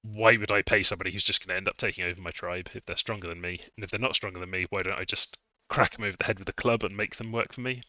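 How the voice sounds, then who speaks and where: A man voicing a blunt, scheming male orc chieftain with gruff, matter-of-fact bluster. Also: low voice, steady tone, very fast, hardly any pauses, bright, forceful tone, no room sound, lo-fi sound. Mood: scornful.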